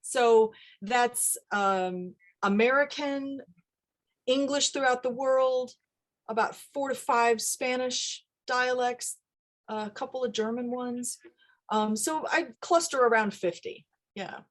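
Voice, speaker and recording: A middle-aged woman, a dialect coach, talking casually in an interview with lively asides. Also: a little high. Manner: animated, quick asides, laughs often.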